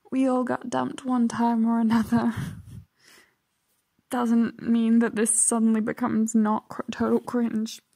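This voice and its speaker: A woman's voice: fairly high pitch, gravelly, mellow. A woman hosting reaction commentary, sarcastic and exasperated, often dropping to a whisper. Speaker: host.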